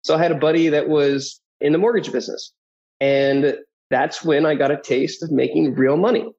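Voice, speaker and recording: A man in his thirties tells personal stories with energy, and he slips into other people's voices now and then as he recounts them. His voice sits a little high for a man. The recording sounds dull and lo-fi. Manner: animated, quick to mimic voices in anecdotes. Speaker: guest. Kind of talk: personal storytelling. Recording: dull lo-fi audio.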